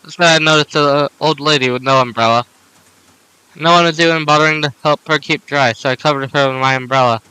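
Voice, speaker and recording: A young man reading a story game's dialogue aloud in an even, unhurried way at his desk mic. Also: a little high, clean tone, no room sound. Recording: noisy home recording.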